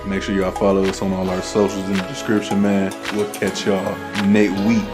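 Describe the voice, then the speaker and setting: Laid-back low-voiced man. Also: monotone, normal speed, over music. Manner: laid-back, brief interjections and slangy sign-off. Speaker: podcast co-host. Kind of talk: casual chat.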